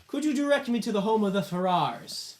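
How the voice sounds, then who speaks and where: A man voicing a smooth-talking male envoy who speaks grandly and flatters. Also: high voice, a little fast, echoey room, voice pushed up. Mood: courteous.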